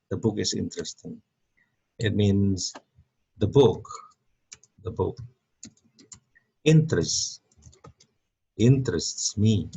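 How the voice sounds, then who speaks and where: A man teaching English grammar in an online lesson, talking slowly with many fillers and repeating words. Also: sits low, creaky, warm tone, husky, poor audio.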